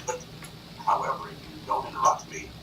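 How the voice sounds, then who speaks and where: A man from North Carolina, a boastful and animated talk show guest in a TV studio. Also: far from the mic. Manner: boastful, animated, does quick impressions. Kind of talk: boastful chat. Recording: echoey room, off-mic, noisy.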